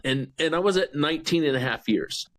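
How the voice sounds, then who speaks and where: A man's voice: fairly high pitch, expressive, a little fast, poor audio. Veteran guest in his sixties, raised voice, chuckling storyteller, salty language. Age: 60s. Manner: chuckling anecdotal storyteller, blunt and profane. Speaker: guest, retired Marine gunnery sergeant. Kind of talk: casual storytelling on a podcast.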